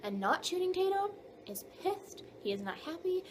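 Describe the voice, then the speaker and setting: High-voiced young woman rambling about a dream. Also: moderate pace, noisy background. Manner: rambling, filler-heavy, animated retelling of a dream. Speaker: vlogger. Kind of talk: casual storytelling.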